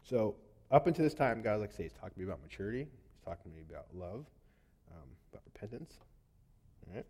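A man in his thirties giving a testimony in a sermon, telling a story with animated swings between loud and soft, then reciting a poem. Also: fairly low pitch, fast talker, slightly rough. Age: 30s. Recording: long hall reverb.

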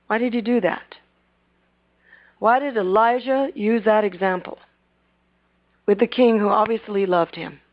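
A woman preaching a sermon, retelling Bible scenes and acting out their lines, swinging between loud bursts and hushed asides. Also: fairly high pitch. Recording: dull lo-fi recording.

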